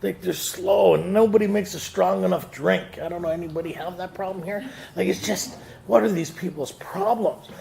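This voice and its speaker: A man gives a recovery meeting talk in a raised, gravelly voice. He tells his story in a joking way and keeps laughing at his own lines. A faint hiss of background noise sits under the recording. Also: high-pitched, normal speed, darkish tone. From Canada. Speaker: AA speaker.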